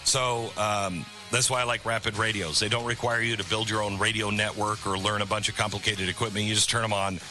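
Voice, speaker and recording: A man's voice: fairly low pitch, flat delivery, fairly quick, hardly any pauses, over music. A middle-aged man hosting a talk radio show, speaking in a conversational, rambling way with sarcastic asides. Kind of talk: talk radio monologue with live ad read.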